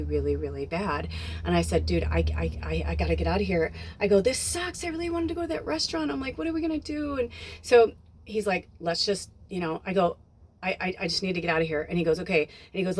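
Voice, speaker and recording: A woman's voice: low-pitched, a little mellow, husky. A woman vlogging into her phone, a spiritual medium telling a long story in casual chat, swearing freely and acting out the dialogue. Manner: chatty, swears freely, acts out quoted dialogue.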